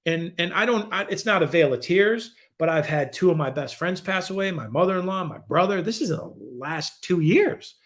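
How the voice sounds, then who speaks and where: A man in his forties, a podcast guest, telling stories in a casual, animated, profane way. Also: moderate pace, hardly any pauses. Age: 40s. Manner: animated, profane, acts out quoted voices with big pitch jumps.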